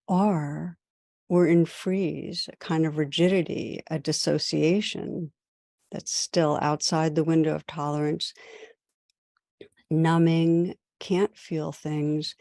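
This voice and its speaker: A woman meditation teacher and podcast host giving a recorded talk in gentle, measured short phrases with pauses. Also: sits low, steady tone, gravelly, dry recording, clean studio sound.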